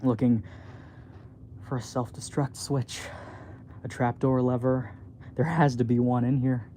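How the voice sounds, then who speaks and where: A man reading his own book aloud as a bedtime story, softly and haltingly, with small slips. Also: mid-range voice, level tone, a little hiss or hum.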